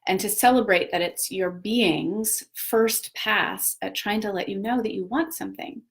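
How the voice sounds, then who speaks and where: A woman's voice: medium pitch, unhurried. Chatty reflective woman talking live. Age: adult parent of children. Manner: chatty and reflective, many fillers and self-corrections. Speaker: host of a live video talk. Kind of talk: casual spoken talk on personal growth.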